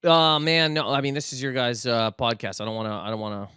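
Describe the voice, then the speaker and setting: A man's voice: mid-range voice, flat delivery, fast, bright, forceful tone, clear, resonant tone, dry recording, clean studio sound. A young man from Nova Scotia, a guest comedian telling a story in casual podcast talk, acting out quotes and swearing freely. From Canada, Nova Scotia.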